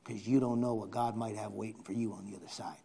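A man's voice: steady tone, quick pace, creaky, slightly rough. A man preaching a sermon, folksy, repeating phrases for emphasis. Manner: builds from low conversational to shouting fervor.

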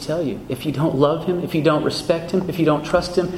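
A man's voice: fairly high pitch, fairly quick, hardly any pauses, slight background noise. A male pastor preaching a sermon, earnest and emphatic, asking rhetorical questions of his congregation. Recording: echoey hall with faint ambience.

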